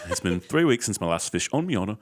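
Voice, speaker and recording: A man's voice: fairly low pitch, sing-song, a little fast. A man voicing a friendly male cartoon shark with an Australian accent, for his kids. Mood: jovial.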